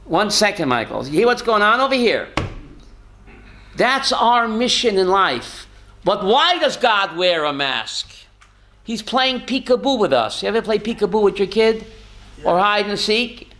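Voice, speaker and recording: A man's voice: high-pitched, very animated, unhurried, sharp tone. A man, a rabbi, teaching a Torah class in a folksy, joking way and quizzing his listeners by name. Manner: folksy, jokey asides.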